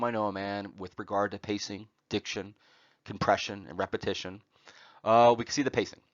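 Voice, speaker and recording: Male lecturer, lowish voice, teaching poetry terms over slides; filler-heavy, asks "right?" often, dead-dry sound. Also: dry recording, muffled recording. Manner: frequent "uh" fillers and "right?" check-ins.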